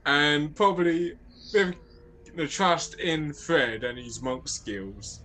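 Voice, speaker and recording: Male player, slow and bright, hesitant. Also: fairly high pitch, a little hiss or hum. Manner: hesitant, thinking aloud. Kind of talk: casual tabletop game chat.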